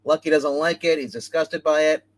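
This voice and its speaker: A man's voice: a little high, steady tone, normal speed. Rambling man retelling a comic plot. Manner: rambling plot retelling with many restarts and "he's like". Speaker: comic book reviewer, show host. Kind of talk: casual livestream review.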